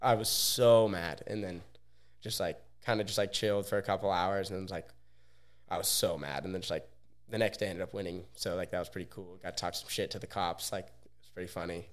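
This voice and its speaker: A man's voice: low voice, fairly even intonation, quick pace. A young man from Oregon, a podcast guest telling casual stories in a laid-back way, filling his speech with "like". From Oregon, USA. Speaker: podcast guest, pro athlete. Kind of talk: casual storytelling.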